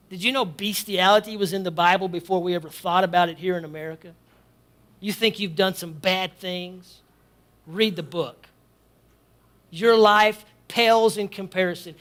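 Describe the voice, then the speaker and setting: A man preaching in a church with a strikingly high, bright and ringing voice. He is fervent, rising to shouts and then dropping into a hushed storyteller's tone. He leads the congregation in call-and-response. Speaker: pastor. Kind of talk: sermon. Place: church sanctuary.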